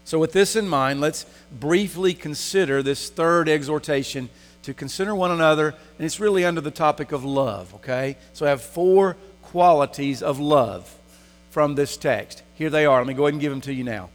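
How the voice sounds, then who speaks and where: Guy preaching a sermon in a church, kinda high voice, big echoey hall sound. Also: moderate pace, faint music behind. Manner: asks the congregation rhetorical questions. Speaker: pastor. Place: church sanctuary. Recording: long hall reverb.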